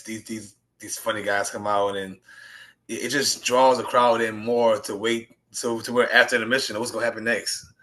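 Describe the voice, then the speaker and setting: A young man, an indie wrestler, talking excitedly and rambling about his favorite matches in a casual interview. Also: medium pitch. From US Gulf Coast. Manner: animated, rambling, excited storytelling.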